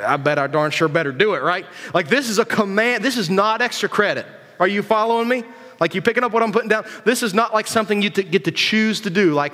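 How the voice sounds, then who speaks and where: A man's voice: on the high side, fairly bright tone. A man giving a casual, conversational sermon to young people, repeating himself and asking rhetorical questions. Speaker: preacher. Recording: long hall reverb.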